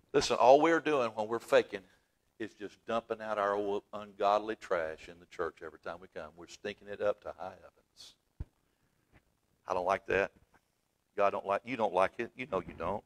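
A man preaching a fervent sermon in a church, swinging from loud exclaiming to hushed asides. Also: mid-range voice. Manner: fervent, swings from shouting to near-whisper. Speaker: pastor. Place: church sanctuary.

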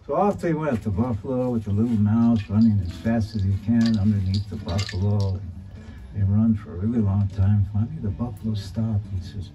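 Man storyteller, low voice, relaxed folk-tale telling over guitar. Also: fairly quick, highs cut off. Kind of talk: oral storytelling. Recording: voice from afar over guitar music. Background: guitar music.

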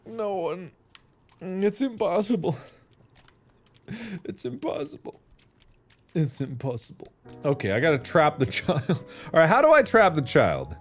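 A man commentating a video game playthrough in a goofy, taunting way, swinging between loud shouts and mutters. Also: a little high, huge pitch swings, a little slow, long pauses, soft background music. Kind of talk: let's play commentary.

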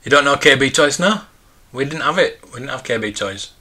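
Brisk and lively in intonation, this British man's mid-range voice carries a sharp tone. He's in his forties, chatting casually on a live stream, reading out viewer comments and drifting into nostalgic tangents.

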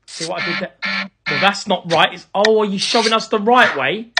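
A man's voice: high voice, moderate pace, very noisy. A man giving sarcastic, self-mocking reaction commentary on videos he is watching.

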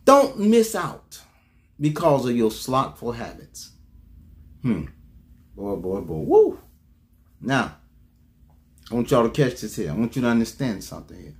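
A man preaching a sermon as an apostle, talking conversationally, calling out to the congregation and dropping into low asides. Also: expressive, moderate pace, creaky, long pauses.

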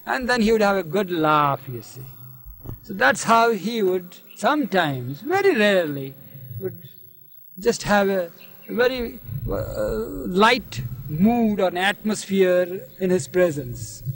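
A man with a high voice recalls old stories in an archival interview from 1971. He talks at a leisurely pace and keeps adding "you see" as he goes. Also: expressive, takes it slowly, fairly bright tone, poor audio. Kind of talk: anecdotal storytelling interview.

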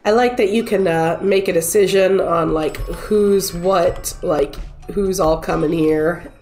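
A woman's voice: lowish voice, slow, a little mellow. A woman streaming a cozy game while sick with a cold, chatting in a rambling, easygoing way and cooing at the cats on screen. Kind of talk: casual gameplay chat. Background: faint game music.

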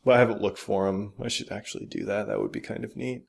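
A man's voice: fairly low pitch, wildly swooping pitch, quick pace, creaky. A man co-hosting a podcast, chatting casually about games and movies with blunt, opinionated remarks and casual swearing. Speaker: podcast co-host.

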